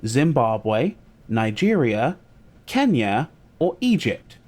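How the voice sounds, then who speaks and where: A man's voice: medium pitch, sing-song, slow, a little mellow. Chatty British man telling an anecdote. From Britain. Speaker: podcast co-host. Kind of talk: casual chat.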